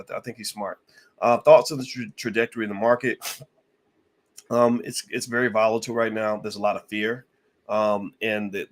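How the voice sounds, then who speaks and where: A man hosting a podcast, reading viewer questions aloud and answering them in a relaxed, conversational way with lots of fillers. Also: lowish voice. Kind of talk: casual live Q&A.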